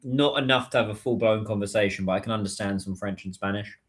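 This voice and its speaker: A man's voice: on the low side, quick pace, a little hiss or hum. A British man chatting casually on a phone livestream, reading out and answering viewer comments.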